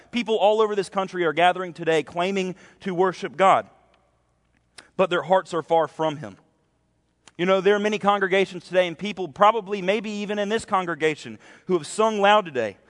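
A young man giving his first sermon to his home church, earnest and a little nervous, often asking the congregation "right?". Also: fairly high pitch. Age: young adult. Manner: earnest, nervous first-time preacher with frequent "right?" tags. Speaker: preacher. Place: church sanctuary. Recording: church with long reverb.

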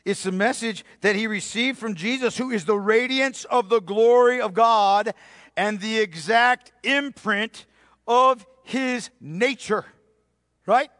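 A man delivers a sermon in a high, ringing voice, pressing his points through repetition. He often sinks to a hushed, intimate tone for emphasis. The sound is close and dry, with no room around it. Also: slow pace, dry recording. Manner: emphatic, repeats key phrases, drops to near-whisper for stress. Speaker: pastor.

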